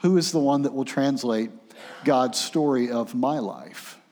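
A man preaching a sermon, swinging between urgent raised passages and hushed, quiet ones. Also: mid-range voice, measured pace, long reverb tail.

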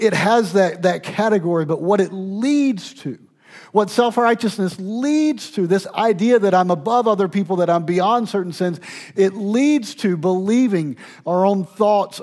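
A man preaching a sermon emphatically, rising loud and dropping to a hush. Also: fairly high pitch. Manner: emphatic, swings from loud to hushed. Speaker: pastor.

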